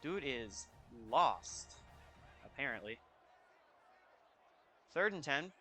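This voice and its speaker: Bright-voiced young man reacting to gameplay. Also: medium pitch, extremely slow. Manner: excitable, reacting loudly to plays. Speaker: gaming YouTuber. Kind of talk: casual gameplay commentary. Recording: faint music behind.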